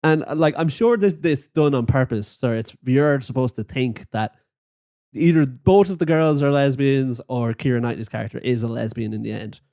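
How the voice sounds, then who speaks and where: A man's voice: medium pitch, normal speed, dark tone, no echo, studio quality. A young Irish man co-hosting a podcast, retelling film scenes in casual chat with lots of laughing. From Ireland. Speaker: podcast co-host.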